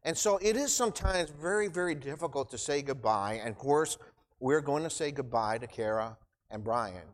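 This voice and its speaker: A man's voice: medium pitch, expressive, normal speed. Choked-up man preaching in a reverberant hall. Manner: emotional, choked up, rambling with restarts. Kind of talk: informal sermon. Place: church hall. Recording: long church reverb.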